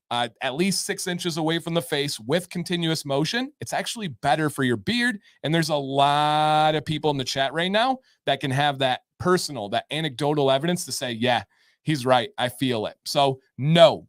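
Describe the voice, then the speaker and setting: A man's voice: a little high, dry recording, clean studio sound. A man hosting a live-stream advice show, answering chat questions in an upbeat, emphatic way and repeating his key points. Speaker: show host giving beard advice.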